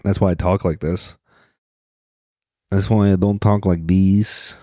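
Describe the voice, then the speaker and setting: A man's voice: deep voice, flat delivery, slow, dark tone, dry recording, studio quality. A man from Utah hosting a solo comedy podcast, rambling and joking at his own expense. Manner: rambling, self-deprecating, jokey. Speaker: podcast host.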